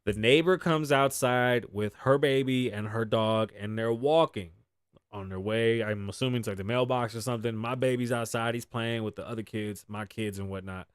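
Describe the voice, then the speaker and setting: A man's voice: medium pitch, normal speed, clean tone, no room sound, clean studio sound. A man hosting his live show, talking casually and profanely, telling stories with sighs and laughs. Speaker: host. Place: Las Vegas.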